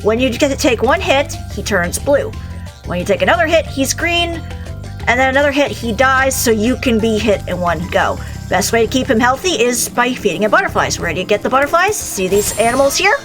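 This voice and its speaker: A woman's voice: on the high side, big pitch swings, fairly quick, a bit bright, faint music behind. A young woman co-hosting a game stream, chatting and explaining the game's mechanics. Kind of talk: casual game commentary.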